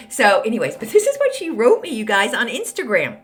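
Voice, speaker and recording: An older woman with a drawl hosts her own podcast and talks straight to her listeners. Her pitch swoops up and down a great deal, and she sounds blunt, chatty and full of sass as she hands out advice. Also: huge pitch swings, brisk. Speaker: podcast host. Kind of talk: casual solo podcast monologue.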